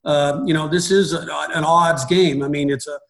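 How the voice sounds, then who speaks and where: A man's voice: fairly high pitch, steady tone, moderate pace, a bit bright, low-quality recording. A middle-aged man, a baseball coach, talking in an interview, rambling and restarting his sentences often. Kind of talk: conversational interview.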